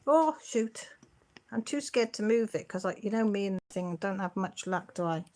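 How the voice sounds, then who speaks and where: A woman's voice: mid-range voice, steady tone, fairly quick, a little mellow. A middle-aged woman, hosting a casual livestream and chatting and teasing as she answers viewer comments. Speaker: channel host.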